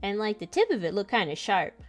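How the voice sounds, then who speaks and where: Faint music plays behind a young woman who draws while telling a loose travel story, laughing often between sentences. Her mid-range voice swings widely in pitch and moves fairly quickly; she's a comic artist and channel host.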